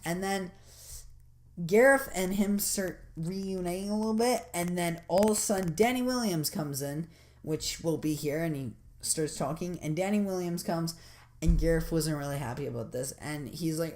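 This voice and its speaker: A woman talks through a video game in a loose, rambling way, with lots of fillers and restarts. Her voice sits a little low for a woman. She gets excited about what happens on screen. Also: normal speed. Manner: excited and enthusiastic. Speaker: gameplay commentator. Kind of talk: casual video game commentary.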